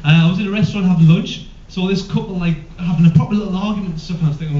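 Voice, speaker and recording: A man's voice: high voice, rapid-fire, hardly any pauses, dark tone. A man performing live stand-up comedy, rambling and hesitant with many ums. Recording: echoey room, distant mic, dull lo-fi.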